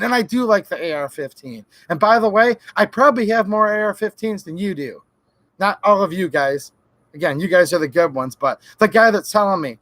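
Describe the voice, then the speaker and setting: A high-voiced man rants heatedly into a close microphone during a live stream. His sarcasm runs through everything, and he mocks the voices of the people he argues against. The room sounds dry and dead. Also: lively intonation, moderate pace, a bit bright, no room sound. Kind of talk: ranting live-stream talk.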